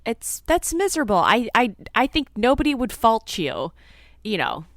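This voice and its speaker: A woman co-hosting a podcast in casual chat, listening sympathetically and reacting softly. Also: on the high side, big pitch swings, moderate pace, no room sound, studio quality. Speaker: podcast co-host.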